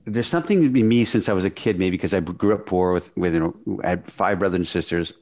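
A man in casual conversation, telling a story with emphatic, animated delivery and acted-out dialogue. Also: deep voice, a little fast.

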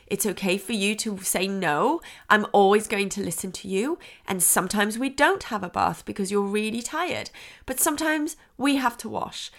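Bright-voiced woman giving parenting advice. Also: medium pitch. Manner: warm, earnest, reassuring; quotes child and parent voices in shifting tones. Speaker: parenting podcast host. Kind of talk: podcast advice talk.

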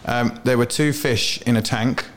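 A man's voice: mid-range voice, steady tone, measured pace, slight background noise. A man co-hosting a podcast, chatty and jokey, leading the guest through set questions. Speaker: podcast co-host. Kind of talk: casual podcast chat.

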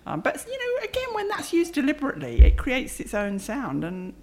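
A woman's voice: high-pitched, wildly swooping pitch, fairly quick, darkish tone. A middle-aged woman, a singer chatting as a guest, telling stories in a chatty, self-deprecating way with laughter. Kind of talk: casual chat.

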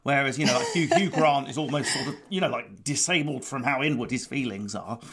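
A man's voice: medium pitch, fairly quick, a bit bright, slightly rough. A man from Essex hosting a casual podcast chat, blunt and chatty, laughing often. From Essex, England.

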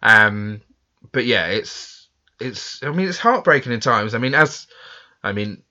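Chatty British man, bright lo-fi voice. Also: mid-range voice, expressive, a little slow. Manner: chatty, self-deprecating, laughs often. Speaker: podcast co-host. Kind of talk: casual chat. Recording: dull lo-fi audio.

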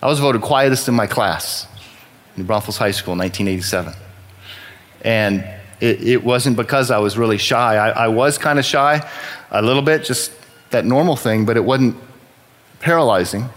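A man's voice: medium pitch, moderate pace. Give me a man sharing his testimony at church in a casual, wry, self-deprecating way. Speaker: lay speaker giving testimony at church. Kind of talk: sermon-style personal testimony.

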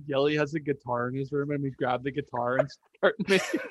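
A man's voice: mid-range voice, fairly quick, no echo, dull audio. A young man telling stories in a casual chat, breaking into giggles often. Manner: giggly, animated storyteller.

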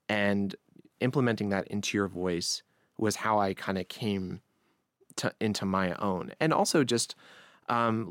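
A man from Long Island with a faint accent, talking casually as a podcast guest, relaxed and chatty with frequent restarts. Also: on the low side, no room sound, studio quality. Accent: light Long Island. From New York, Long Island. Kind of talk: conversational interview.

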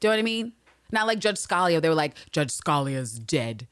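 A woman co-hosting a podcast in casual chat, animated and profane, swinging between loud rants and low asides. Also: very fast, clear, resonant tone, no echo, clean studio sound. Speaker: podcast co-host.

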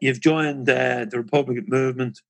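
A man, hosting an interview and asking halting questions with repeated words. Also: medium pitch, steady tone, creaky, fairly bright tone. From Northern Ireland. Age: 50s. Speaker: podcast host.

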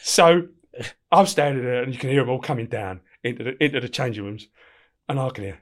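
A former prison officer from England, middle-aged, shares prison stories briskly in a mid-range voice. He curses nonstop, laughs while telling them and performs the dialogue with lively energy in this casual chat.

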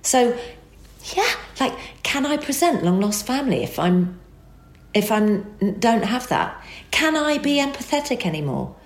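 A woman telling an emotional personal story as a guest, animated and acting out the dialogue. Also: a little high, echoey room.

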